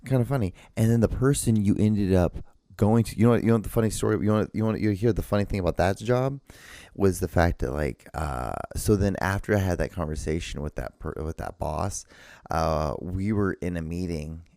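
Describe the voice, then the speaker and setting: A man's voice: deep voice, fairly quick, dark tone, dry recording, clean studio sound. A young man hosting a podcast, telling a rambling story in casual chat, swearing often and restarting his sentences. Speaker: podcast host.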